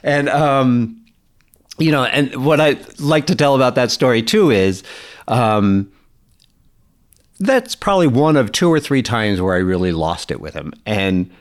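A man's voice: mid-range voice, sing-song, a little slow. A middle-aged man telling a personal story in a candid, casual way, swearing freely and laughing as he goes. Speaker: guest.

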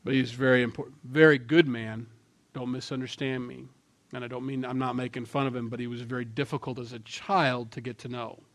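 A man preaching a sermon in a conversational tone, swinging between loud emphasis and quiet asides. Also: mid-range voice. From Norwegian heritage. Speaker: pastor.

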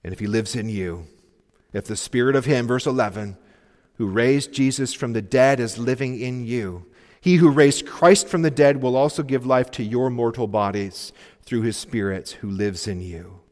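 A male pastor preaching a sermon, earnestly urging his listeners and dropping to soft pleas. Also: mid-range voice, normal speed. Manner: earnest, pleading exhortation with sudden soft drops. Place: church sanctuary. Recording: long reverb of a church hall.

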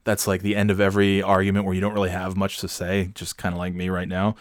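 Lowish voiced guy ranting on his show, sarcastic, swears a ton, dry close sound. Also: completely flat delivery, fast, no room sound. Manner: profane, sarcastic, rambling. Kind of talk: casual talk-show rant.

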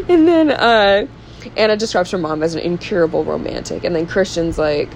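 Brief: young woman podcaster, mid-pitched, lively retelling, puts on quick character voices. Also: slight background noise, low-quality recording. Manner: animated, acts out characters' lines in voices, laughs often. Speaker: podcast host. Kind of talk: casual chat recapping a film.

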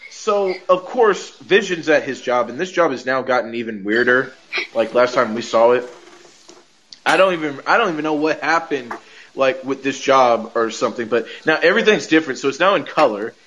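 A podcast host recaps an episode in a rambling, casual style, full of "like," restarts, and lots of laughter. His male voice is medium-pitched, animated, and fairly bright at a moderate pace, captured in a dull lo-fi recording with faint noise.

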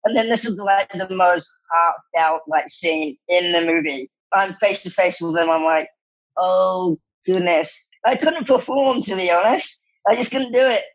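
A man, an actor guest, telling stories in a casual interview, animated and laughing often as he quotes others. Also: high voice, normal speed, few pauses, dull audio. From New Zealand.

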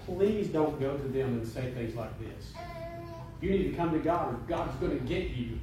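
A man's voice: medium pitch, dark tone, slight background noise. A man preaching a sermon to his church, speaking with building, impassioned emphasis. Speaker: pastor. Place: church sanctuary. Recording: very echoey room, voice from a distance.

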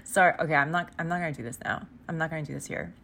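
A woman's voice: low-pitched, fairly even intonation, very fast, creaky, a bit bright, slight background noise. A woman hosting a podcast, casually recapping a book as she keeps rambling off topic, full of "like" and casual swearing. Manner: rambling, sidetracked, heavy "like" filler. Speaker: podcast host.

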